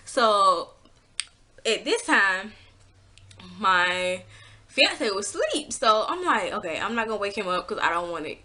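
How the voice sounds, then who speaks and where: A young woman in her twenties telling a storytime to camera, casual and blunt, acting out her own past lines with big swings in pitch. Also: big pitch swings, unhurried, bright, forceful tone. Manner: blunt, swears freely. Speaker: vlogger.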